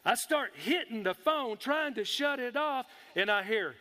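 A man's voice: very high-pitched, animated, a little slow, bright, forceful tone. A middle-aged man, a pastor telling a folksy story to his congregation in a church sanctuary. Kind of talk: storytelling sermon. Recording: reverberant hall.

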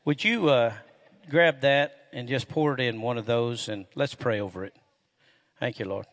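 A middle-aged man, a pastor preaching a sermon in a church and telling folksy stories, getting loud and animated when excited. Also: mid-range voice, moderate pace. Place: church sanctuary. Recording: echoey hall with long reverb.

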